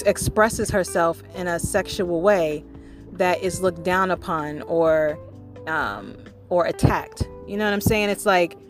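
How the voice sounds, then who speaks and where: A woman who writes songs, talking casually and emphatically with many fillers and repeated phrases. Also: fairly low pitch. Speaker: songwriter and artist. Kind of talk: casual opinion monologue.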